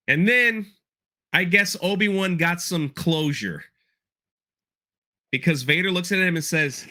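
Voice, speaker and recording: This man's mid-range voice is animated and sharp, moving at a normal speed. Hosting a laid-back podcast, he breaks down an episode in a rambling way, repeating himself and delivering quoted lines with emotion.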